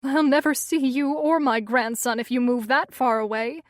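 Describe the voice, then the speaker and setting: A woman's voice: sits high, moderate pace, no room sound, clean studio sound, natural voice. A woman voicing a doting grandmother who speaks tearfully and pleads.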